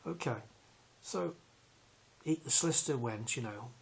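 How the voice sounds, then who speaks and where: A man, telling a long personal story in a rambling, halting way with many fillers. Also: mid-range voice, expressive, vocal fry, slight background noise. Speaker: vlogger recounting a police arrest. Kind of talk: casual storytelling.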